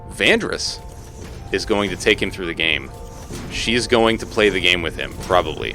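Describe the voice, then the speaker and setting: A man in his thirties chatting loosely with his stream while he plays. His pitch swings up and down a lot, and his bright, forceful tone keeps the banter bouncing along with jokes and casual swearing. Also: unhurried, soft background music. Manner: animated, joking, swears freely, talks to chat. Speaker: game streamer. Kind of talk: casual live-stream chat while gaming.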